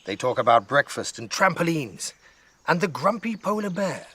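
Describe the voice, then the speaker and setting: A man reading a bedtime story aloud in a gentle manner, outdoors in a garden. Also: a little high, moderate pace, breathy edge. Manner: gentle, with lively intonation.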